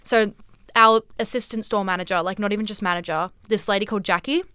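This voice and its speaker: Recorded in studio quality with no room sound, a young woman's mid-range voice comes across fast, clear, and resonant. Co-hosting a casual chat podcast, she tells a work story animatedly, performing plenty of quotes and cursing freely.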